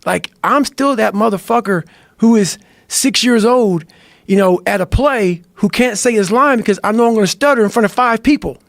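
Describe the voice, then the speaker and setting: An intense man with a fairly high, gravelly voice tells motivational stories as a podcast guest. He talks bluntly and swears nearly nonstop. The sound is close and dry. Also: moderate pace, no room sound. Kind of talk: profane motivational storytelling.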